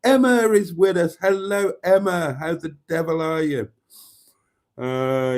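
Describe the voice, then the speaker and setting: A man's voice: on the high side, takes it slowly, a little mellow. A man hosting a casual live stream, reading out viewer comments and greeting viewers by name. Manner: chatty, reads viewer comments aloud and greets them.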